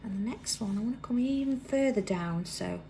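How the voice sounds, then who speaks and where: Gravelly British woman, chatty craft demo. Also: fairly high pitch, brisk, slight background noise. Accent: British English. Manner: chatty, drops to a soft whisper while drawing. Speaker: craft demonstrator hosting a live stream. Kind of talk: live craft tutorial chat. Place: busy indoor craft workroom.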